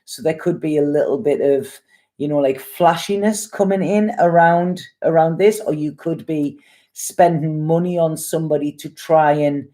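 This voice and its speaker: A woman tarot reader with a deep voice who talks in a chatty, rambling way and swears bluntly while giving readings. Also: normal speed, warm tone.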